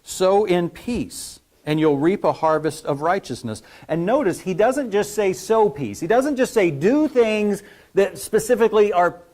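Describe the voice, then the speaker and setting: A man's voice: high voice, lively intonation, measured pace, hardly any pauses, a little mellow. A man preaching a conversational sermon, asking his congregation questions as he teaches. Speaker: pastor.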